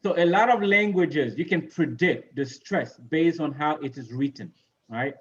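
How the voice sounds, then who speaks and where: A man's voice: a little high, unhurried, fairly bright tone, muffled recording. A man teaching English pronunciation to a class over a video call, casual and repeating "you know" and "right?".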